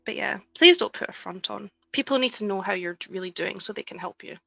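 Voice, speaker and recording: A woman in her thirties talks casually to her live-stream chat, her voice bright with a gravelly edge. The audio is dry and slightly dull, with faint music underneath. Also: medium pitch, quick pace, no echo. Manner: chatty, reads chat aloud, frequent "like". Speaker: livestreaming LEGO builder.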